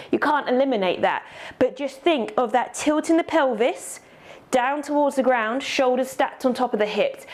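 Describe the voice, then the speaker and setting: A woman's voice: sits high, a little mellow. A woman teaching a yoga class, cueing poses step by step in an encouraging way and slightly out of breath.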